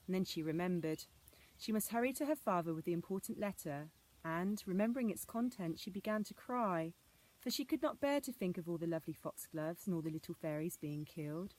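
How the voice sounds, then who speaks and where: Woman reading a fairy tale aloud, lowish voice. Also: brisk, a little mellow. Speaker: storyteller. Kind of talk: storybook read-aloud.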